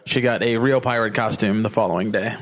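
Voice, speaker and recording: A man's voice: on the low side, fairly even intonation, brisk. A young man co-hosting a podcast, chatting casually and rambling, laughing often. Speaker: podcast co-host. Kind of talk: casual chat.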